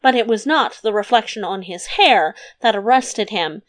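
A woman narrating a fairy tale in a gentle, even reading voice. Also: medium pitch, moderate pace. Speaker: audiobook narrator. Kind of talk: storybook narration.

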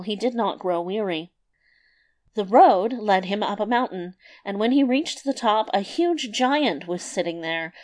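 A woman narrating a fairy tale in a measured, expressive read-aloud manner. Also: medium pitch.

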